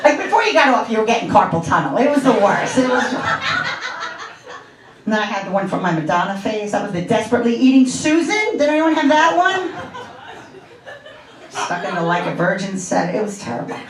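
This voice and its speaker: On a comedy club stage, a brash, profane Long Island, New York woman in her fifties tells stories conversationally in her stand-up set. Her medium-pitched voice is very animated and brisk. Crowd noise and the echoey club come through a distant mic.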